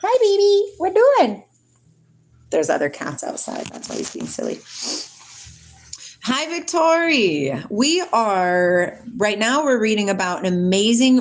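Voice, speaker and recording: A woman's voice: lowish voice, a little hiss or hum. Giggly woman chatting on a livestream. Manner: giggly, laughs often and drifts into tangents. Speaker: livestream host reading viewer comments. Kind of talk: casual spiritual livestream chat with reading aloud.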